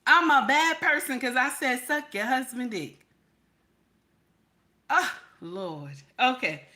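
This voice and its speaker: A married woman hosting her own channel, giving blunt, profane, animated commentary straight to her viewers. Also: high-pitched, slow. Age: adult, married. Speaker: channel host.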